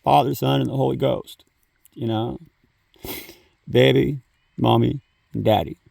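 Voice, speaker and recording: A man's voice: mid-range voice, fairly even intonation, unhurried, vocal fry, a little mellow, dry recording, clean studio sound, recorded from a distance. A man giving a casual spiritual talk on his phone, rambling, swearing freely and saying "you know" often. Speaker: spiritual vlogger.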